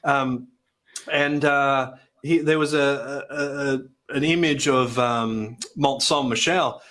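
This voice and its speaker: A man speaks as a podcast guest, with a mid-range voice that sits right in the middle. He tells self-deprecating stories and explains technical things plainly. His tone stays conversational and unhurried. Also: medium pitch, steady tone, fairly bright tone. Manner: chatty, self-deprecating storyteller. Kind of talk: conversational interview, anecdotes and explanations.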